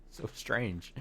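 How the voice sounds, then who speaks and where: A man's voice: sharp tone, a little hiss or hum. A young man hosting a let's play, rambling and stammering in casual commentary. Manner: rambling, stammering, laughs often.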